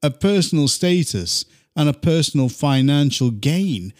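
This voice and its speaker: A man hosting a political chat, his voice pitched a little high. He sounds earnest and indignant as he steers the talk. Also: animated, unhurried, a little mellow. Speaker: host.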